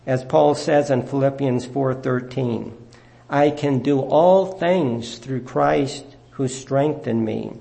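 Gravelly-voiced man preaching. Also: mid-range voice, warm tone. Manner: measured, earnest teaching delivery. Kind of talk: sermon.

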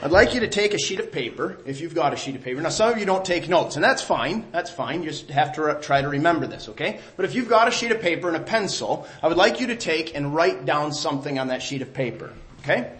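A man preaching a sermon as pastor, talking conversationally, asking rhetorical questions, his voice dropping low and quiet at the ends of phrases. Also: expressive, fast talker, hardly any pauses.

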